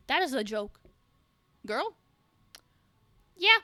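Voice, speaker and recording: A young woman streams sick with the flu, her high, bright voice swooping up and down as she jokes with chat. She swears freely and fills her talk with "like". The sound is close and dry, with no room around it. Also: sing-song, very slow, no room sound. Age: young adult. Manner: chatty, swearing, joking with chat, lots of "like". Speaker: VTuber streamer. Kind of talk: casual live-stream chat.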